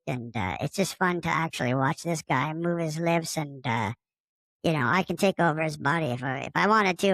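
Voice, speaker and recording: A man's voice: a little high, a bit bright, no echo. A man playing a friendly, immature male space alien who has taken over a podcaster's body, talking in a rambling, casual way and fond of swearing. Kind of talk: casual improvised monologue.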